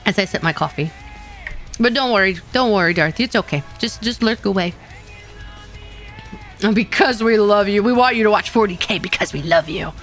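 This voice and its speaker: A woman's voice: mid-range voice, a bit bright. Playful chatty woman streamer. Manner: playful, chatty, laughs often, trails off and repeats herself. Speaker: VTuber streamer. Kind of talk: casual live-stream chat with viewers.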